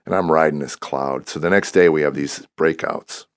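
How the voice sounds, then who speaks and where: Man, 60s, comedian guest, very low gravelly voice, animated storytelling, acts out dialogue. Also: normal speed, dry recording, clean studio sound. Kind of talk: storytelling in a podcast interview.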